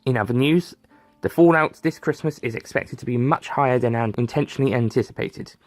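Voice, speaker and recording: A man playing a male TV news anchor, with a fast, formal newsreader delivery. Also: medium pitch, no echo, close to an everyday voice.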